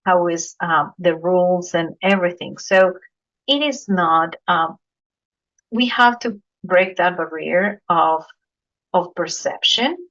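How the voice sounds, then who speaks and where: Taking her time, a Colombian podcast host speaks with a Spanish accent in a fairly low, slightly bright voice. During a casual interview she earnestly shares anecdotes, often repeating words as she searches for them. The recording sounds dull and lo-fi.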